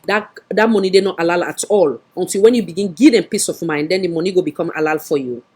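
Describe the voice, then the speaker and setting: A woman's voice: lowish voice, fast talker, darkish tone, slightly rough. A woman with a Sierra Leonean Krio accent giving scolding political commentary on a livestream, firing off rhetorical questions.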